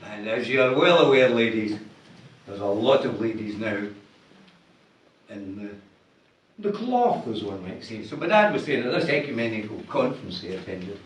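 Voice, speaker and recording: A man's voice: lowish voice, sing-song, moderate pace, a little hiss or hum. An older man with a Scottish accent giving an after-dinner speech, telling jokes and switching voices for the punchlines. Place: large function hall. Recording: echoey hall from far off.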